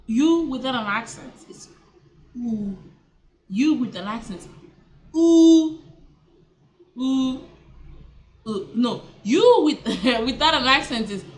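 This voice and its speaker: A language teacher speaks in a fairly high, expressive female voice. Teaching words in a casual vlog, she repeats each one slowly, talks chattily and corrects herself as she proceeds.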